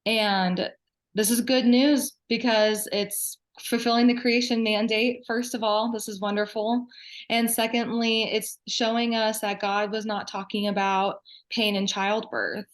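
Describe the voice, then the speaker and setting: A woman co-hosting a podcast, teaching the Bible at a steady, measured pace. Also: fairly high pitch. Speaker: podcast co-host.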